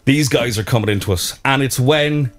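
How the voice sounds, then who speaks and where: A man's voice: medium pitch, moderate pace. An Irish man hosting a radio chat show, playful and joking with his guests. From Ireland. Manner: jokey, playful, breaks into mimicked voices. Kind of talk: casual chat show interview.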